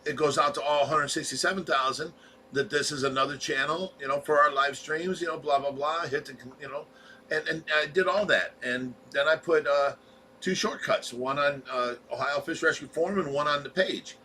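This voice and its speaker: A man's voice: fairly high pitch, normal speed, sharp tone, a little hiss or hum. A man co-hosting a casual livestream chat, reading viewer comments and talking in long run-on explanations. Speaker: co-host of a fish rescue livestream.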